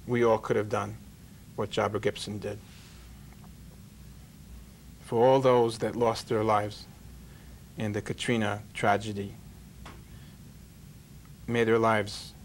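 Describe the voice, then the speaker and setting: A man's voice: on the low side, level tone, takes it slowly, long pauses, slight background noise. A man who is a rabbi hosting an interview show, telling jokes and parables in a folksy, sermon-like way. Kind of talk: sermon-like storytelling monologue.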